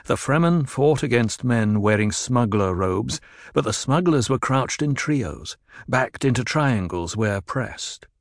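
A man narrating an audiobook in a measured, dramatic reading. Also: lowish voice, dry recording, clean studio sound.

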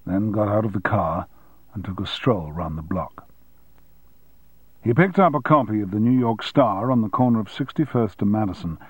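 A man narrating an audiobook in a measured, even storytelling manner. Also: lowish voice, breathy edge, dry recording. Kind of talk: scripted narration.

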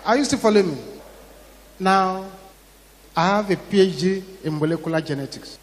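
A man with a Ghanaian English accent preaching a sermon, telling a story dramatically, acting out the voices in it and rising to shouts. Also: sits high, moderate pace, a little hiss or hum. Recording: long hall reverb.

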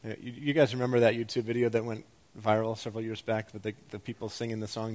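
Talking fast in a fairly low voice, a pastor delivers an animated sermon full of self-deprecation, moving from loud excitement down to quiet emphasis.

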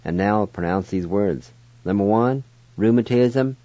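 A man giving a radio language lesson, spelling each word letter by letter and then pronouncing it with careful, deliberate patience. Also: on the low side, warm tone, no echo, highs cut off. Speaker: language teacher.

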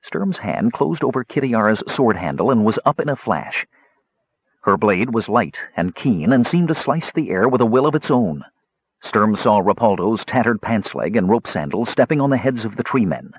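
A man reads a fantasy story aloud in an expressive way, with a lively melody that rises and falls. His voice is husky, and the recording is dry and slightly dull. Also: medium pitch, no echo. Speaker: audiobook narrator. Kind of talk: scripted narration.

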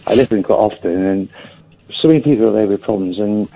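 A man's voice: lowish voice, fast, creaky, slight background noise. A man calling in to a radio show, earnest and chatty, calling the host mate. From Wales. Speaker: caller. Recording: dull lo-fi phone-in line.

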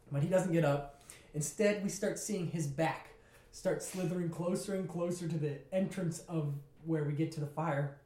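A young man casually telling a story in a lively way, acting out what people said. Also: a little high, fairly quick. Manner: animated, laughing, acts out quotes. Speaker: podcast co-host telling a story. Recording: echoey room.

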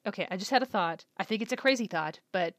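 A woman's voice: medium pitch, animated, quick pace, no room sound, clean studio sound. A woman giving casual reaction commentary on an anime episode, thinking aloud and guessing what comes next. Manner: chatty, speculative, thinking aloud.

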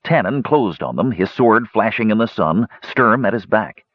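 Male fantasy audiobook narrator, low and husky, lively delivery, dull dry audio. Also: normal speed, no room sound. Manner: expressive storytelling.

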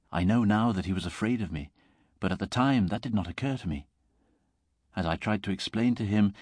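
A man reading a short story aloud in a measured, steady narrating voice. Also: sits low, no echo, clean studio sound. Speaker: reader.

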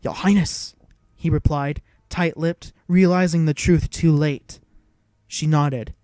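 A man narrating an audiobook in a measured, even storytelling manner. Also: a little high, clear, resonant tone, no room sound.

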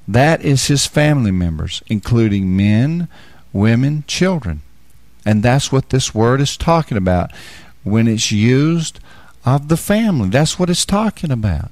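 A man's voice: medium pitch, very animated, unhurried, darkish tone, no room sound. A man preaching a Bible teaching sermon, repeating key phrases and asking the listeners questions.

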